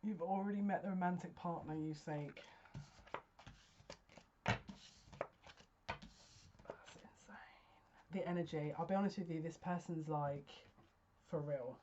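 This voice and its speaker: A woman giving a casual tarot card reading, excitable and often gasping and breathless. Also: lowish voice, a little slow, pauses often, muffled recording, a little hiss or hum.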